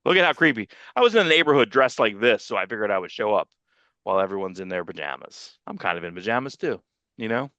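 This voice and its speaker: A man's voice: on the low side, very animated, fast talker, bright, forceful tone, dry recording, highs cut off. A man co-hosting a comics podcast, chatting casually and rambling through a movie review, often restarting his sentences. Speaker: podcast co-host.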